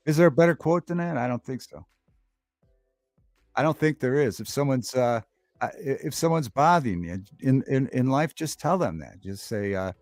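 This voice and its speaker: A man hosting a relaxed livestream talk show, chatting loosely with viewers and repeating his favorite movie lines with relish. His voice sits at an ordinary middle pitch. It is recorded dry and close to the mic, with faint music playing behind him. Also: normal speed, no echo. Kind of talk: casual chat, reading live chat aloud.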